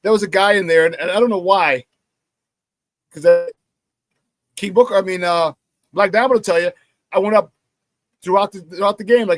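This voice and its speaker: Man, sports talk host, casual storytelling, animated, acts out quotes, somewhat high voice, dry close sound. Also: normal speed, pauses often, no room sound.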